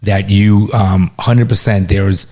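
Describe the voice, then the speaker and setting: A middle-aged man co-hosting a podcast in casual, relaxed chat, swearing freely. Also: fairly low pitch, takes it slowly. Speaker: podcast co-host, father.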